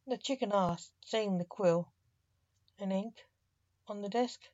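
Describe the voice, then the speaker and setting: A woman reading a short story aloud in a measured, unhurried way. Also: mid-range voice, darkish tone, dry recording. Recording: slightly dull dry recording.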